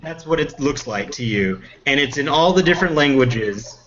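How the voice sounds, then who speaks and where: A man's voice: mid-range voice, expressive, moderate pace, a bit bright, slight background noise. Hesitant man running a tabletop game. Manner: hesitant, with many fillers and restarts. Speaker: game master. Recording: dull lo-fi recording.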